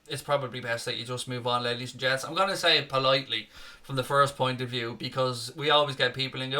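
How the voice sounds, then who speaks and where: This young man from Dublin, Ireland, co-hosts a live football watchalong for a fan channel, reading viewer comments and swearing freely at his desk at home, picked up by a desk setup with webcam. His voice is mid-range and steady with a sharp tone, and he talks fast in a Dublin Irish accent.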